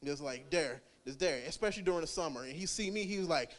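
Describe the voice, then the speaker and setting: Young man, high voice, open mic stand-up, crude rambling jokes, laughs at himself. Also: lively intonation, fast, a bit bright. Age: young adult. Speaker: stand-up comic.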